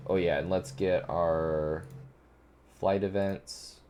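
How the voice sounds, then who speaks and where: A young man with a low voice talks slowly and casually while streaming a flight simulator, with slight noise in the background. He stays relaxed, swears occasionally, and frequently says "dude."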